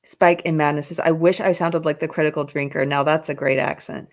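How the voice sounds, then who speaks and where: A woman's voice: low voice, fairly even intonation, fairly quick. A woman hosting a casual livestream, chatting in a rambling way and reading viewer comments aloud. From South Carolina, USA. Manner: chatty, rambling, laughs often. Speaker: livestream host. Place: indoors while traveling. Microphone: headphones in, computer mic.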